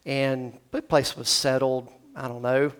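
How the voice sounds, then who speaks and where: A man's voice: flat delivery, a little slow, smooth. A man from Tennessee preaching a sermon in a church, talking conversationally and acting out the scripture dialogue. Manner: conversational, dramatizes scripture dialogue with shifting pitch and loudness. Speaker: pastor. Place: church sanctuary.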